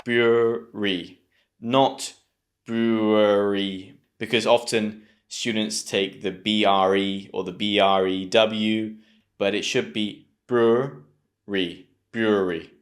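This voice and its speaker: A British man with a British English accent, teaching English pronunciation to camera and slowly repeating words clearly. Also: lowish voice, flat delivery, a bit bright. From Britain.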